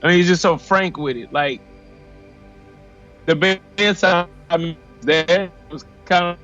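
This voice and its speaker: A man in his forties from Missouri, a podcast guest telling a personal story in a lively, casual way and acting out what people said. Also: sits high, takes it slowly. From Missouri, USA. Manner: animated, acts out quoted dialogue. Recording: dull lo-fi audio with faint music.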